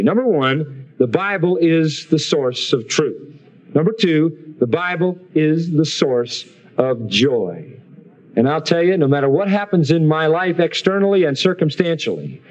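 A man teaching the Bible as a preacher, slowing down for emphatic scripture quotes and rushing through casual asides. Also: on the high side, lo-fi sound. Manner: lively preaching, swings between slow emphatic quotes and quick asides. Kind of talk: sermon.

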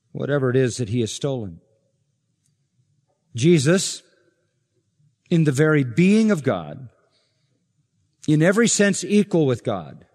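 A man preaching an expository sermon as pastor, emphatic and building to forceful points. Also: a little high. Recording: long reverb of a large hall.

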